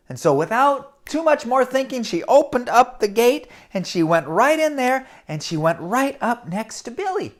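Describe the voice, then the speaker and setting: An animated storyteller, a woman reading to children on camera from home. Her voice runs slightly high and swings widely, dropping low for asides and climbing for the chase. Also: normal speed, hardly any pauses. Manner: lively, addresses kids directly, acts out the action. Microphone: camera mic.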